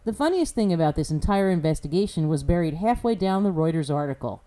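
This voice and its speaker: Sarcastic woman with a mellow voice. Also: lowish voice, very animated, fast talker, few pauses. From United States. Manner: sarcastic, mocking, laughs at her own jokes. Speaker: podcast commentator. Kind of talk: scripted opinion commentary.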